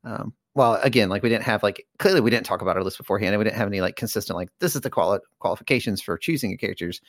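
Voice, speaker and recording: A low-pitched man with a gravelly, fry-laden voice chats casually as a podcast co-host. His pitch rises and falls in a lively way. He rambles with fillers and laughs often, recorded dry and close. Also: racing, no room sound. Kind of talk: casual card-game chat.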